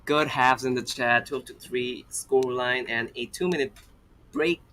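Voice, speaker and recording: A young man casting an online shooter match, excitable and playful, bantering with his co-caster. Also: mid-range voice, measured pace. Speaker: esports caster. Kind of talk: play-by-play commentary. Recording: faint game noise behind.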